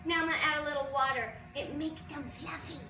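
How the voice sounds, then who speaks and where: Brief: playful woman host of a home cooking demo, high voice, mic far off in a roomy kitchen. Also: fairly even intonation, fast, pushed and bright. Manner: chatty, playful, self-deprecating. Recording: roomy, distant, noisy kitchen recording.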